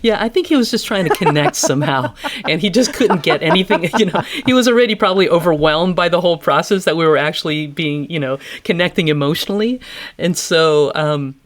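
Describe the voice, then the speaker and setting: A woman's voice: fairly low pitch, lively intonation, fairly quick. Candid female-voiced podcast guest. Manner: candid, reflective, laughs easily. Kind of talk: personal storytelling in interview.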